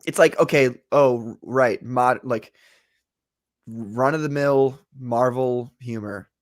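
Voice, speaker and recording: A man co-hosting a casual podcast, animated and swearing freely as he talks. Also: mid-range voice, slow pace. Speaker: podcast co-host. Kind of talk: casual chat.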